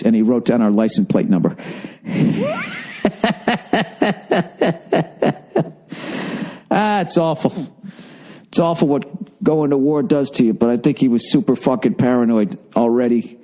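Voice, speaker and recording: Tired, rambling man with a mellow voice. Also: mid-range voice. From United States. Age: 40s. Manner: rambling, profane storytelling with lively acted-out quotes. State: lethargic, tired. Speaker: podcast host. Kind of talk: solo comedic monologue.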